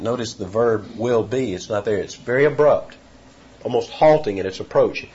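A man's voice: on the low side, moderate pace, darkish tone, breathy edge. Man preaching a verse-by-verse sermon, dull recording. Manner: teaching verse by verse, emphatic repetitions. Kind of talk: expository sermon.

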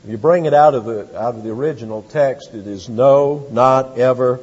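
A man's voice: medium pitch, breathy edge. Emphatic preacher man in a reverberant hall. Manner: emphatic, slows to stress key words, rising to loud repetitions. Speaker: pastor. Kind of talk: expository sermon. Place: church sanctuary. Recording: lo-fi church hall recording with long reverb.

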